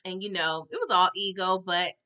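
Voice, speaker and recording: A woman's voice: lowish voice, moderate pace, pushed and bright, clear, resonant tone, dull audio. A woman giving a casual, dramatic recap of a TV episode, often tagging her lines with "okay?" and "all right?".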